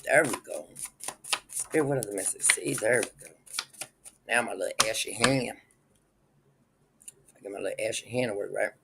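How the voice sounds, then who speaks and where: A man's voice: lowish voice, normal speed, creaky, long pauses, sharp tone, a little hiss or hum, rough recording. A man hosting a casual live stream, rambling and chuckling as he talks straight to his viewers.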